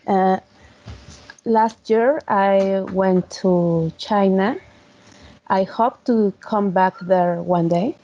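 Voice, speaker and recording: Hesitant woman english learner, slow and mellow, slightly dull call audio with faint hiss. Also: medium pitch. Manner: hesitant, unsure. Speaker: language learner.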